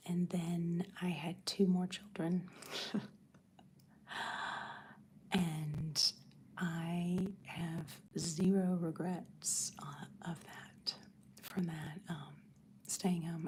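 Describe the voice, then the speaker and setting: A middle-aged woman hosting an ASMR livestream, answering chat in a soft breathy whisper. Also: lowish voice, a little hiss or hum.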